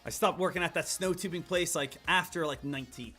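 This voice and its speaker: A young man from Pennsylvania, fairly high-voiced, talks casually to viewers on a trading stream. He tells stories in an animated, rambling way and keeps coming back to "again" and "right?", with faint background music underneath. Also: fairly quick. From Pennsylvania, USA. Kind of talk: casual trading livestream talk.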